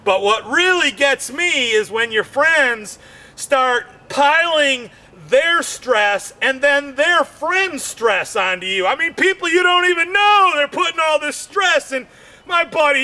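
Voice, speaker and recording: Very high, slow-talking bright-voiced man. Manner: rambling, repeats himself with many fillers; theatrical, acts out quotes in shouted high voices. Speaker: comedian. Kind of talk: stand-up comedy monologue.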